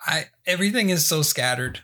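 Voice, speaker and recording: A man co-hosting a film podcast, relaxed and laughing, swearing casually as he talks. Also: on the high side, a little fast. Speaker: podcast co-host. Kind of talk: casual film review chat.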